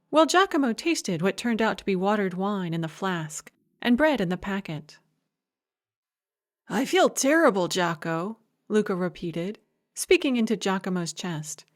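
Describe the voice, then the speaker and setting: A woman reading a fantasy novel aloud as audiobook narrator, giving every character the same gentle reading with only slight voice changes. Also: medium pitch, expressive, normal speed. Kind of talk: scripted narration.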